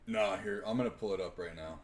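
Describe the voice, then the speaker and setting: A young man hosting a live podcast, casually chatting and excitedly retelling a movie with lots of swearing. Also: on the low side, fast talker, slight background noise. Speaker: podcast host. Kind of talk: casual chat on a live stream.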